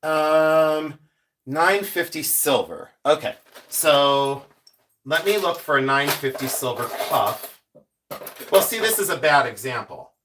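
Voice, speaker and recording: A man's voice: on the high side, animated, takes it slowly, a bit bright, slight background noise. A man hosting a casual jewelry live stream, rambling, reading chat messages aloud and laughing easily.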